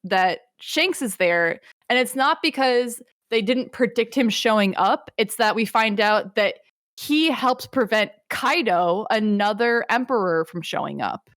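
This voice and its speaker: Animated rambling young woman. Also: medium pitch, measured pace, dry recording, studio quality. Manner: animated, rambling, lots of fillers. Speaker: podcast co-host. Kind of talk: casual chat.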